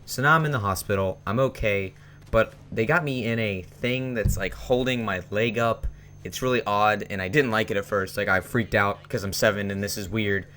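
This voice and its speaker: A man's voice: fairly low pitch, normal speed, fairly bright tone, slight background noise. A young man telling a personal story in a rambling, casual way, with many fillers and restarts. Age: young adult. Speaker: vlogger.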